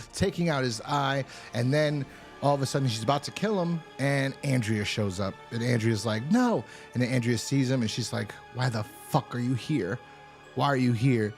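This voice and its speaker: A man casually recapping a TV episode, rambling and swearing as he acts out the characters' lines. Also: medium pitch. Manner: rambling, profane, acts out quotes. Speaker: TV show reviewer.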